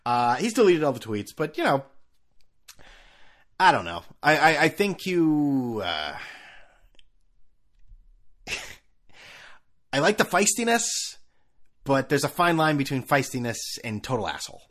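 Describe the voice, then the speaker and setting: A man rants on his own sports podcast in a loose, rambling way, tripping over restarts and throwing in sarcastic asides. His pitch swings widely as he talks, from low grumbles up to sharp peaks of disbelief. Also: sing-song, a little slow, long pauses. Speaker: podcast host. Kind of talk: casual solo sports podcast rant.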